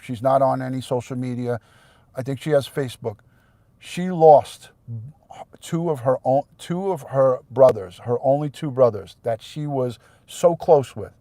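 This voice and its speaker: A middle-aged retired police detective, talking blunt and profane on a live stream, sometimes heated and shouting. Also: male voice, medium pitch, dry recording. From New York. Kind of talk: live stream rant to viewers.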